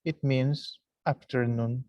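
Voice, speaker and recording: A man's voice: medium pitch, steady tone, takes it slowly, no echo, dull audio. A man teaching English, commenting patiently on a lesson and pointing out examples as he explains. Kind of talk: live commentary on a lesson video.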